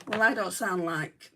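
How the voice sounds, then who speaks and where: A woman's voice: mid-range voice, recorded from a distance, background noise. A woman from northwest England with a northern English accent, chatting casually through a makeup livestream, rambling with lots of "right" and "like". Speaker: beauty vlogger. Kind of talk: casual livestream chat while doing makeup.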